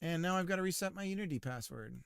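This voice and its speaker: A man's voice: sits high, lively intonation, fast, gravelly, clean tone, no room sound, clean studio sound. A man streaming live while working on his game, chatting casually and teasing his viewers. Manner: joking, teasing his chat.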